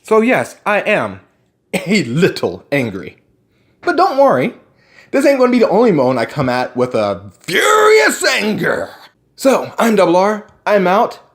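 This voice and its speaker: A man's voice: sits high, huge pitch swings, unhurried. A man delivering an angry, profane, sarcastic rant on his vlog. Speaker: vlogger ranting about roleplay community.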